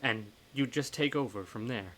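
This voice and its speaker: A man's voice: mid-range voice, normal speed, a bit bright, close to an everyday voice. Male reader doing a blunt, motherly old ghost lady, put-on accent, horror audiobook. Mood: reassuring. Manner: put-on accent, scolding and teasing. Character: elderly woman ghost, warm, blunt, motherly. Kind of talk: live reading of a horror novel.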